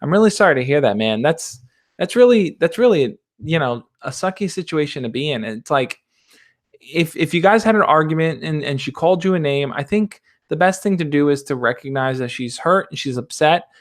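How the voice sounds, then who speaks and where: A young man hosting a livestream, reading out viewer questions and answering them in a relaxed, reassuring way. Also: on the high side, fairly quick. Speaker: dating advice host. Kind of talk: casual livestream chat.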